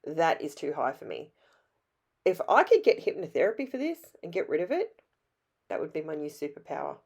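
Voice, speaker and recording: A middle-aged Australian woman with a hoarse, raspy voice, chatting in a rambling, self-deprecating way as she narrates her scrapbooking. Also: deep voice, big pitch swings, brisk, darkish tone. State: hoarse from illness. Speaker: scrapbooking vlogger. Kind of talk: casual voice-over narration.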